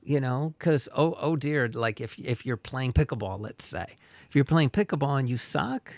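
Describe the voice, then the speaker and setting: A man's voice: medium pitch, expressive, normal speed, no room sound. A man co-hosting a friendship podcast, talking casually and rambling with lots of fillers and restarts. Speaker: podcast co-host. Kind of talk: casual chat.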